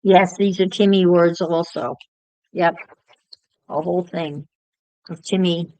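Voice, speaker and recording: A woman's voice: on the low side, steady tone, measured pace, darkish tone, dry recording, low-quality recording. A woman chatting casually to livestream viewers while she crafts, musing aloud as she works.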